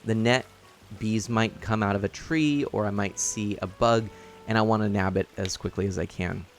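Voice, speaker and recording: A man's voice: fairly low pitch, fairly even intonation, moderate pace, a little hiss or hum. A man casually streaming a life-sim game, chatting and laughing as he reads chat aloud and explains his setup. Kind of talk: casual live-stream commentary.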